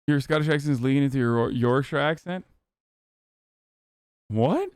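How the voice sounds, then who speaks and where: A man's voice: mid-range voice, normal speed, a little mellow, clean tone, no room sound, studio quality. A man hosting a live stream, giving casual, blunt, profane commentary and sarcastic reactions to chat. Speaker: livestream host.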